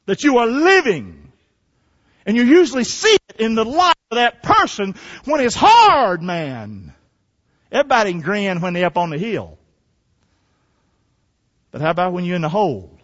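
Man, pastor, emphatic sermon, animated pitch, long hall echo, muffled sound. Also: moderate pace. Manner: emphatic, asks the congregation questions. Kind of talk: sermon with personal testimony. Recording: dull sound in a reverberant hall.

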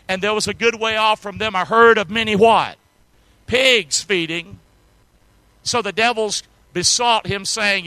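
A man with a high, sharp-toned voice preaches a sermon at a moderate pace, reading old-style scripture aloud with emphasis and asking the congregation to say words back with him in call-and-response. The recording is low-quality, with no room sound.

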